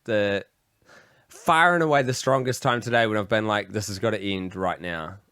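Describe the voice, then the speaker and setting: A man co-hosting a podcast, wry and deadpan in casual chat. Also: normal speed, clear, resonant tone, dry recording. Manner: deadpan, wry, low-key. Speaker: podcast co-host. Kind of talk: casual chat over a film.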